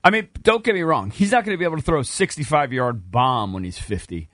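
A man's voice: fairly high pitch, fast, dry recording, studio quality. A man chatting casually about football as a show host, talking over others. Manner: animated, talks over others. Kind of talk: casual sports chat.

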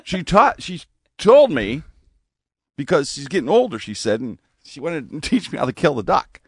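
Animated male storyteller, dry studio. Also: fairly high pitch, moderate pace, breathy edge, no echo. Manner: animated, acts out family voices. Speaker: radio show guest. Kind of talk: casual storytelling. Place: radio studio.

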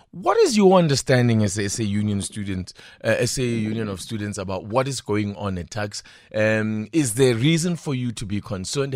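A man's voice: on the low side, darkish tone, no echo, clean studio sound. A man with a South African accent hosting a breakfast radio interview, asking probing, conversational questions. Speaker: radio host.

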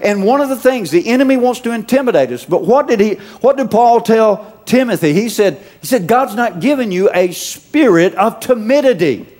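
A man preaching a sermon to a congregation, asking them questions and calling out louder as he builds. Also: sits high, expressive, moderate pace, few pauses. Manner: preachy, calls out to the congregation with rising shouts. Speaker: pastor.

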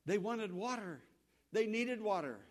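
A man preaching a sermon as pastor, repeating phrases for emphasis and swinging between loud appeals and soft asides. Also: high voice, animated, measured pace.

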